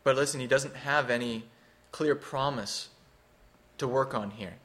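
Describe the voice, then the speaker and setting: A man's voice: medium pitch, measured pace, a bit bright. A man preaching a sermon, teaching through a scripture passage in an earnest, expository way, rising for emphasis.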